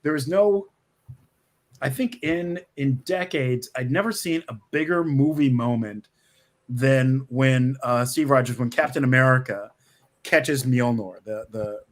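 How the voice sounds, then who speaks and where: In a relaxed interview, a middle-aged male screenwriter speaks unhurriedly with a mid-range voice. He rambles along, with frequent restarts and small bursts of laughter.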